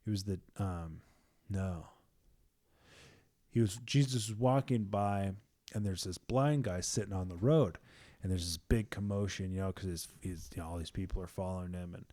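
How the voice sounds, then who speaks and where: Casting: man, fairly low voice, loose and animated in casual faith talk, with sudden whispers. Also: normal speed.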